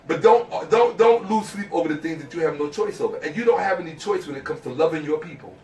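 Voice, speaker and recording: A man's voice: fairly high pitch, expressive, fast, darkish tone, echoey room, distant mic, soft background music. A man giving an interview, lecturing emphatically and repeating phrases for stress. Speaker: interview guest. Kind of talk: impassioned lecturing in conversation.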